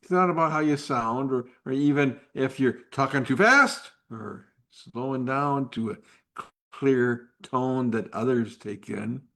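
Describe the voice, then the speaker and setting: Slow-talking man giving an unpolished live talk. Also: medium pitch, fairly bright tone. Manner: slow, unpolished, with many restarts and fillers; drops to a whisper at times. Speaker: host. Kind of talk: live faith-based talk.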